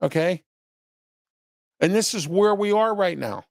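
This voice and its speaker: Man hosting opinion show, blunt and scolding, gravelly, fairly high voice, dry close sound. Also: lively intonation, unhurried, no echo. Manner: blunt, scolding, rhetorical questions; rambling with restarts and repeated "okay?". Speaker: host of a local commentary show. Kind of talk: opinion commentary, reading viewer chat.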